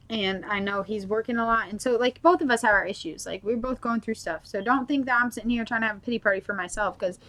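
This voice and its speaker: A woman's voice: medium pitch, pushed and bright. A young mother sharing her faith testimony at home in a casual, rambling way, full of filler words. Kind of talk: personal testimony vlog.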